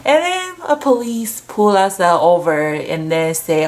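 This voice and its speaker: A woman's voice: on the low side, sing-song, measured pace, hardly any pauses. A middle-aged woman hosting a stamp shop video, chatting casually and gushing over handmade cards while telling rambling stories. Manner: rambling storyteller. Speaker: stamp shop host sharing card swap entries.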